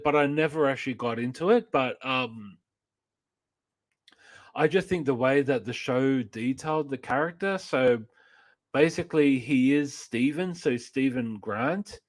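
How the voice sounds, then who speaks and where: A man's voice: medium pitch, no echo. A man co-hosting a live show, chatting casually and gushing with praise about a series. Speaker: co-host. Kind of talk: casual pop-culture chat.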